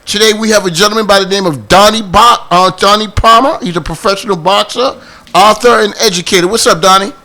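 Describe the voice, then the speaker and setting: A man with a Boston accent hosting a casual talk show, loud, animated and jokey. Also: high voice, fairly quick. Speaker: host.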